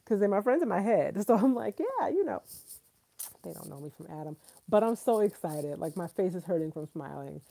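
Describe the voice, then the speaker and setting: A woman in her thirties hosting a live stream, gushing excitedly and chatting straight to her viewers. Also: on the low side, a little fast, creaky, hardly any pauses.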